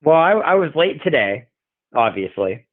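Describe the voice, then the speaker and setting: Guy on the podcast, deadpan bragging jokes, tinny phone-ish sound. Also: on the high side, normal speed, no echo. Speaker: podcast co-host. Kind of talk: casual chat.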